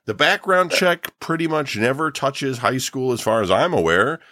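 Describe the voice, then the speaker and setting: Middle-aged man, podcast co-host, casual ranting, lively swooping pitch, dry close sound. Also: normal speed, no room sound. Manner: ranting, animated, filler-heavy. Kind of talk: casual chat.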